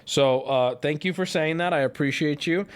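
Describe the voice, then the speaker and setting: A man's voice: fairly high pitch, moderate pace, smooth. A man hosting a livestream, chatting casually with his viewers in a rambling, profane way. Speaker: streamer host.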